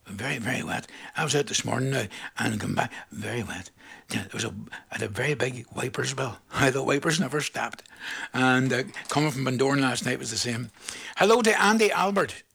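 A man's voice: mid-range voice, brisk, vocal fry, a bit bright, breathy edge. Chatty Northern Irish man in his seventies. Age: 70s. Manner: chatty, jokey, rambling. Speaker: radio presenter. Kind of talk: casual radio chat with shout-outs.

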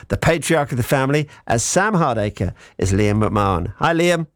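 A man's voice: medium pitch, moderate pace, few pauses, dry recording. A man hosting a local radio show, teasing and playful as he reads messages and chats with a guest. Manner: playful, teasing, animated delivery. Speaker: radio presenter. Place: radio studio. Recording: dry studio sound.

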